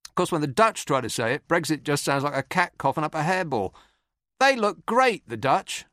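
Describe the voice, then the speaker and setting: A man's voice: on the high side, big pitch swings, moderate pace, pushed and bright, dry recording. A man hosting a podcast, delivering a dry, sardonic scripted comic monologue. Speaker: podcast host.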